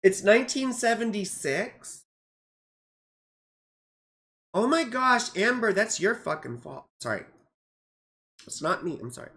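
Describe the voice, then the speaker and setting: A woman's voice: on the low side, fairly bright tone. An American woman in her forties, a goofy, rambling astrologer chatting casually on a livestream, swearing freely and sounding tired and a bit out of it. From United States. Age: 40s. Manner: tired, yawning, out of it. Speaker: astrologer doing live chart readings.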